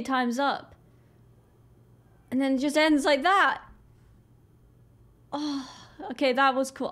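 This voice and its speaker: Chatty young British woman, rather high voice. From Britain. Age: young adult. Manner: chatty and excitable, with many "like" fillers and quick apologies. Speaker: reaction video host. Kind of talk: casual reaction vlog. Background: faint music video playing.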